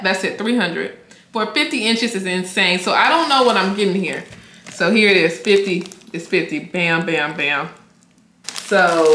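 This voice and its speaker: A young woman, chatting excitedly in a casual unboxing vlog and often breaking into laughter. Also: medium pitch. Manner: excitable, laughing, squealing bursts. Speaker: beauty vlogger. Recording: echoey room with faint noise.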